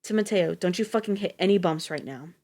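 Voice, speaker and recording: A woman's voice: lowish voice, a little fast, darkish tone, lightly acted. A woman doing a terse, commanding medic. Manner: terse, urgent orders.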